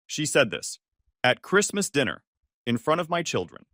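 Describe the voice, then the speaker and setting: A man tells a first-person family story with tense, charged delivery. His pitch moves a lot, rising and falling through each sentence. The recording is close and dry. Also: big pitch swings, moderate pace, a bit bright, dry recording. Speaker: narrator.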